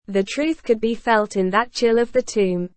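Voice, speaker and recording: A woman reading a classic novel aloud in steady, even scripted narration. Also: on the high side, normal speed, dry recording. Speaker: audiobook reader.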